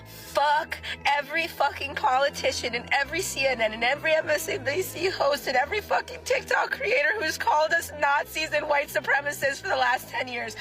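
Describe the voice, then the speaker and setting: A woman with a fairly high voice rants in anger and grief, swearing hard and close to tears. Faint music plays underneath. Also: brisk, a bit bright, low-quality recording. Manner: furious, swearing, near tears. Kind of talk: emotional political rant.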